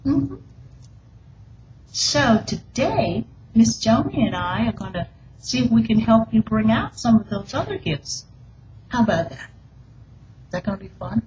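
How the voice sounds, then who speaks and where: A woman giving a gentle, coaxing children's message in a church service. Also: a little high, sing-song, measured pace, long pauses, muffled recording, slight background noise. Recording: echoey hall with music.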